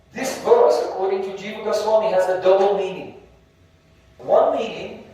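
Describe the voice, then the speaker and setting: A man's voice: high-pitched, a little mellow. A man giving a sermon, explaining Sanskrit verses word by word and chanting syllables. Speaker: spiritual teacher. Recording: very echoey hall, heard from a distance.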